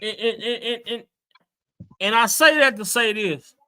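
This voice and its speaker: A woman's voice: on the high side, unhurried, pushed and bright. A woman in a casual livestream opinion chat, speaking fervently and repeating words as she testifies.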